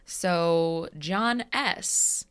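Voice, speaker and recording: A woman co-hosting a casual podcast, teasing and quick to laugh. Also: lowish voice, smooth. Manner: lively, teasing, laughs often. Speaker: podcast co-host.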